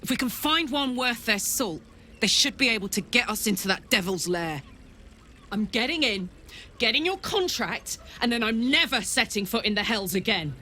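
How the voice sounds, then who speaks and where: A woman voicing a defiant, protective devil-born rogue woman in video game dialogue, speaking with sharp determination. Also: on the high side, expressive, normal speed, slight background noise. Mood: determined.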